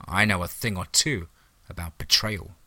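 The devil appears as a smooth, seductive woman in a spoken horror tale, played by a man. She teases and toys with her listener, and her voice carries a sharp, bright edge. The sound is dry and close. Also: low-pitched, normal speed, dry recording, heavily acted. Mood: teasing, seductive. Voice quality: smooth, teasing.

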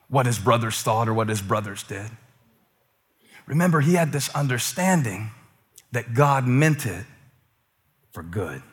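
A man preaching a sermon as pastor, playful and animated, swinging between loud bursts and hushed lines. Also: a little high.

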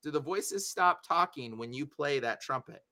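A man telling a story in casual talk, animated and acting out the other voices in it. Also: a little high, normal speed, dry recording. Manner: animated, acts out voices in his stories.

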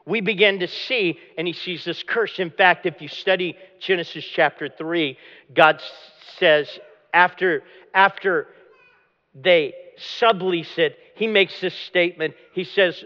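A man preaching a dramatic sermon as pastor, often dropping to a low hush at the end of a phrase. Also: a little slow. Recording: long hall reverb, dull lo-fi sound.

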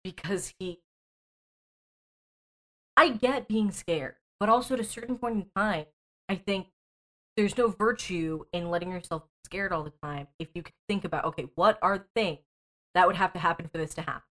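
A woman in casual political chat, reasoning through her points in a measured way. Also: lowish voice, a bit bright. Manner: measured, reasoning aloud, laughs lightly.

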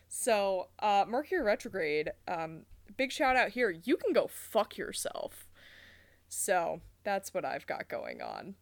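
A woman's voice: medium pitch, huge pitch swings, unhurried. A young woman co-hosting a podcast, chatting casually and animatedly, swearing and laughing often. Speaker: podcast co-host. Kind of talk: casual chat.

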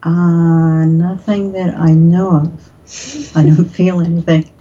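A woman receiving a healing session, answering in slow, hesitant short replies. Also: on the low side, flat delivery, mellow, slightly rough, highs cut off. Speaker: client.

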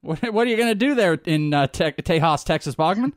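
A man co-hosting a sports podcast, reading an ad and bantering with his co-host in a loud, jokey, excitable way. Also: on the high side, fairly quick, no room sound, studio quality. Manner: loud, excitable, jokey, swings into goofy voices. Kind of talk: energetic podcast banter and ad read.

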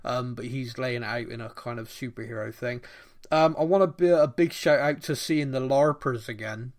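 A man co-hosting a casual podcast chat, excitedly retelling scenes and laughing often. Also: mid-range voice, normal speed. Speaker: podcast co-host.

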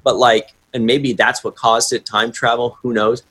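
A man's voice: medium pitch, little pitch movement, normal speed, a bit bright, breathy edge. A man chatting casually as podcast co-host, eager and rambling like a self-described nerd. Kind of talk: casual chat.

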